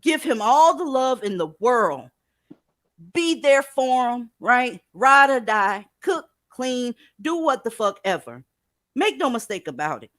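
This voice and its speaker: A woman's voice: fairly high pitch, sing-song, unhurried, a bit bright, dry recording, clean studio sound. Blunt, profane woman host. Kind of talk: casual panel chat.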